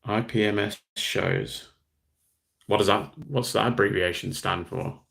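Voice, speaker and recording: A young man with an Australian accent, hosting a relaxed livestream. His voice sits very low with a gravelly fry, and he chats loosely, reading out viewer comments and answering them. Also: measured pace. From Western Australia. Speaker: livestream host. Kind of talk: casual livestream chat.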